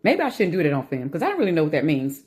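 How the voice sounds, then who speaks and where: A vlogger chats casually to her camera in a rapid-fire, rambling, anxious flow. Her voice sits a little low, and she gets animated, sometimes talking with food in her mouth.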